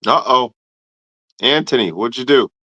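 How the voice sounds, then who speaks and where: A man's voice: medium pitch, unhurried, pushed and bright, dry recording. A man co-hosting a casual livestream, teasing the host with joking banter.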